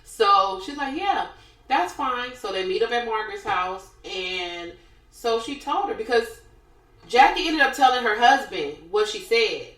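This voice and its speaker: Speaking at a measured pace in a fairly high voice, this podcast co-host recounts reality TV drama in relaxed conversation, performing everyone's lines as she goes. The audio is rough, with echo from the room.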